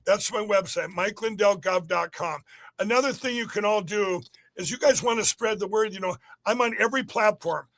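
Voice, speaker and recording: A political candidate giving an emphatic, repetitive rally-style interview on a podcast. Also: male voice, high voice, moderate pace, a bit bright.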